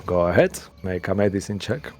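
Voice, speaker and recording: A man's voice: low voice, expressive, brisk, darkish tone. A man narrating a tabletop game as game master, rambling with many fillers.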